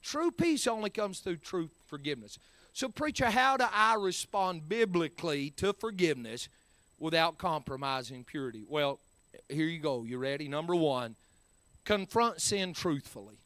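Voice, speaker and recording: High, bright-voiced preacher repeating his points. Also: lively intonation, moderate pace, no room sound. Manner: repeats key phrases, rising and falling emphasis. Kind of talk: sermon.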